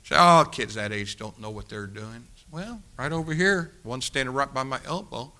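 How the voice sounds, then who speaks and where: A male preacher telling a revival story in a folksy, animated sermon style, swinging between loud emphasis and hushed moments. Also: medium pitch, moderate pace.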